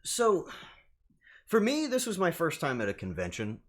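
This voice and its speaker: A man's voice: a little high, wildly swooping pitch, moderate pace. A man streaming as a VTuber, telling a rambling story straight to his chat and swearing freely. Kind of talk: casual storytelling to live chat.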